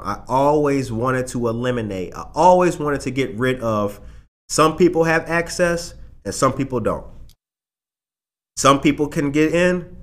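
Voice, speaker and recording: A man's voice: medium pitch, fairly bright tone. A man hosting a casual live talk show, emphatic and fond of repeating phrases for punch. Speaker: show host.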